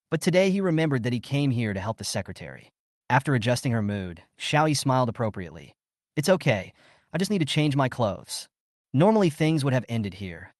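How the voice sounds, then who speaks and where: A man's voice: medium pitch, no room sound, clean studio sound. Man narrating a comic recap.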